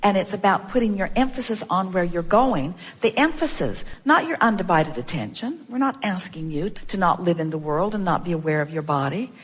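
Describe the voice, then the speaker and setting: A woman's voice: fairly low pitch, animated, a little fast, few pauses, breathy edge. Woman speaking as "we", emphatic repetition. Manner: speaks as "we", repeats key phrases for emphasis; strings together rhetorical questions. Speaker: inspirational workshop speaker. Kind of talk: inspirational workshop talk to an audience.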